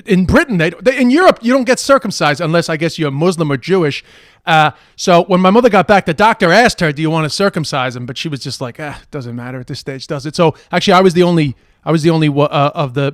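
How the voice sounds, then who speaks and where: A man in his forties, raised in Ireland, hosting a podcast with quick, joking banter. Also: a little high, no room sound, studio quality. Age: 40s. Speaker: podcast host. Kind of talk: casual comedic chat.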